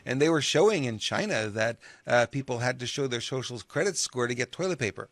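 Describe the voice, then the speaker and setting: A man's voice: mid-range voice, animated, a little fast, fairly bright tone, no echo. Male co-host, close dry sound, chatty and agreeable, laughs easily. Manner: affirms a lot, laughs at his own jokes, acts out dialogue when reading. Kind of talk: political talk show chat.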